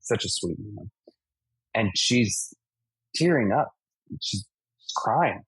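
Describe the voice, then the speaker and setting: Man, 40s, stunt performer guest, husky, vivid storyteller. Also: lowish voice, slow, no echo, rough recording. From United States (Massachusetts). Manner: animated anecdotes, acts out impacts and sound effects. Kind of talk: casual storytelling interview.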